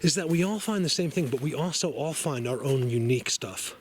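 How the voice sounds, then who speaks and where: A man of ordinary pitch rambles excitedly to his camera while out in a forest. He chats casually, laughs often and jumps from thought to thought. Steady outdoor noise sits clearly behind his voice. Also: a little fast. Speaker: vlogger.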